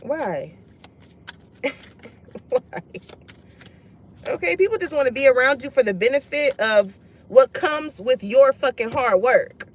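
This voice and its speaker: Woman, high voice, casual tarot reading, profane, blunt, laughs a lot. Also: animated, measured pace, long pauses, slight background noise, poor audio. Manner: blunt, profane, laughs often, acts out others' lines. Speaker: tarot reader. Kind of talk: casual spoken reading to viewers.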